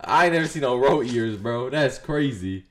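A man's voice: mid-range voice, animated, normal speed, fairly bright tone. A man giving crude, joking commentary while playing a game online, trash-talking other players. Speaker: gaming streamer. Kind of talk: casual gameplay commentary.

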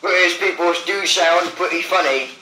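A man's voice: sits high, moderate pace, sharp tone. A man trading teasing jokes on a home cooking show, often stumbling and restarting. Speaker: co-host of an online cooking show. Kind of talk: joking banter. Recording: roomy, distant, noisy.

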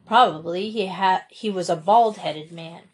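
A woman's voice: fairly low pitch, a little slow, close to an everyday voice. A woman reading aloud as a stern small-town male police chief who speaks in a commanding, curt way.

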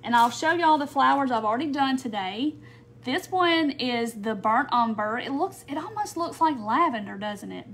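A woman's voice: fairly high pitch, a bit bright, a little hiss or hum. A woman with a Southern American accent, hosting a live craft stream and chatting to viewers while she works. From not from North Mississippi. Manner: chatty, reads out viewer comments. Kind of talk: casual craft tutorial chat. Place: home craft table.

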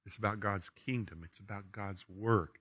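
A man's voice: on the low side, fairly even intonation, moderate pace, a bit bright, breathy edge. A man preaching a sermon to his congregation in a church, emphatic and repeating key phrases. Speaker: pastor. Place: church sanctuary. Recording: dull lo-fi church recording.

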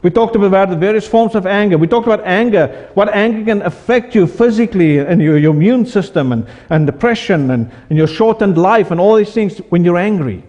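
A man's voice: sits high, expressive, fairly quick, hardly any pauses, darkish tone. A man, an Afrikaans speaker, preaching a sermon as pastor, often repeating and restarting words and acting out quoted voices. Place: church hall. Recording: dull sound with long hall reverb.

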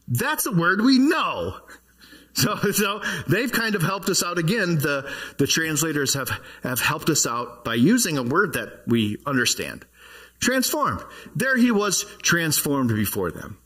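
A man's voice: medium pitch, fairly bright tone, husky. A man preaching a sermon as pastor, talking conversationally and asking the congregation questions. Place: church.

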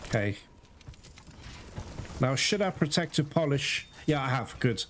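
A man giving casual gameplay commentary, talking straight to his viewers and quickly cursing when things go wrong. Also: mid-range voice, expressive, slight background noise. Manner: talks straight to viewers, quick to curse in frustration. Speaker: gaming video host.

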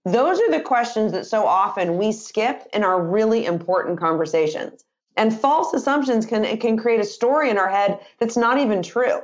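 A woman in her fifties talks with bright energy on a podcast, acting out sample phrases with lively swings in her voice. Her audio sounds somewhat muffled and lo-fi, like a remote call. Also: mid-range voice, moderate pace. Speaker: guest, communication author and sales trainer. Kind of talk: conversational podcast interview.

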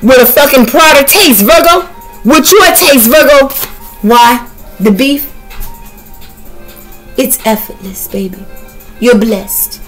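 A woman's voice: high voice, takes it slowly, faint music behind, low-quality recording. A woman doing a tarot reading in a brash, comedic way, swearing constantly and hurling colorful insults. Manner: profane, trash-talking, animated. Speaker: tarot reader.

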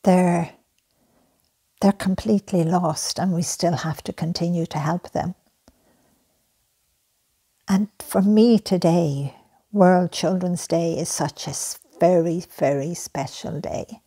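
A middle-aged woman making a heartfelt spoken appeal for a children's charity, soft-spoken and earnest, often slipping into breathy whispers. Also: on the low side, steady tone, slow, long pauses.

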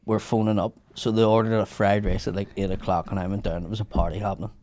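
A man's voice: on the low side, little pitch movement, quick pace, a little mellow. A young man telling a profane story in casual podcast banter, laughing often. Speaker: podcast host.

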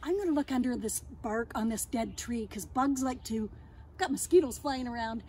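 A woman leading an outdoor lesson for young children, talking gently in a sing-song way, as if to friends. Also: fairly high pitch, moderate pace, a little hiss or hum. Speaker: early years educator. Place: outdoors in a yard and woods.

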